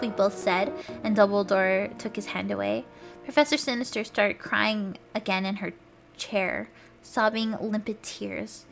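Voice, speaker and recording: Vocal-fry woman streamer reading aloud. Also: medium pitch, moderate pace, fairly bright tone, soft background music. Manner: stumbles over words, laughs and swears while reading. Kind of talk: reading fan fiction aloud with commentary.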